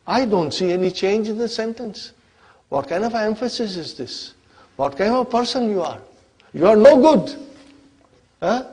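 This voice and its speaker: A man voicing a boastful, bossy grammar particle, speaking scornfully and emphatically, a little higher than his teaching voice. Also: lively intonation, measured pace, a little mellow, slightly rough.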